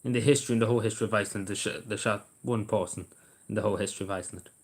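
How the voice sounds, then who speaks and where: A man's voice: fairly low pitch, steady tone, very fast. An Irish man hosting a live stream, chatting casually in a blunt, rambling way and swearing freely, recorded on a camera mic indoors. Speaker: livestream host. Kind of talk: casual chat to a live audience.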